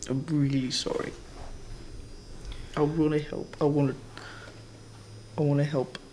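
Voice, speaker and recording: A man's voice: a little high, little pitch movement, a little slow, warm tone, slight background noise. A man, apologising in a hesitant, stammering way. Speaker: young offender. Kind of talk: halting apology.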